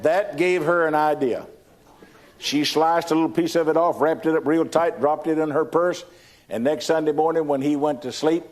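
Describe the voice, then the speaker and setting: Folksy Texan preacher telling a story. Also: male voice, on the high side, a little mellow. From Texas. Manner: folksy, anecdotal, repeats words when starting sentences. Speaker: preacher giving a testimony. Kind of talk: storytelling sermon.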